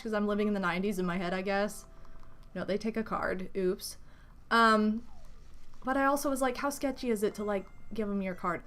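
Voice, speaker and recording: A woman's voice: on the high side, sharp tone, smooth. A woman in her thirties, chatting casually and rambling on a live game stream, greeting viewers, while talking around a retainer. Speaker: streamer playing a video game. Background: faint game music.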